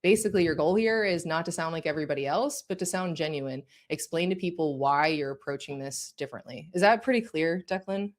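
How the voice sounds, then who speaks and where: A woman's voice: sits low, fairly quick, few pauses, slight background noise. A woman instructor teaching a course in a conversational way, speaking directly and checking in with her listeners.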